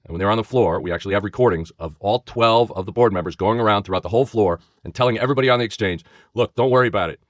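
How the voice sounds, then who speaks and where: A middle-aged man with a low, deep voice tells a story in conversation, slipping into voices for the people in it. The studio sound is dry and close. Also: rapid-fire, few pauses, no echo. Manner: vivid storyteller who acts out voices. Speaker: podcast co-host, former FBI agent. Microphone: studio microphone.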